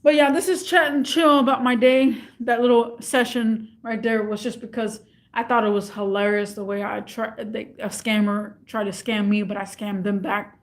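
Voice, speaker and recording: A woman's voice: on the high side, fairly even intonation, normal speed. A young woman vlogger telling a story casually to her camera, acting out both sides of a phone call.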